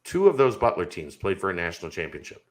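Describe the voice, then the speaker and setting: A man's voice: sits low, very animated, quick pace. A man talking sports casually on a podcast as a guest, making his points emphatically. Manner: emphatic, argumentative.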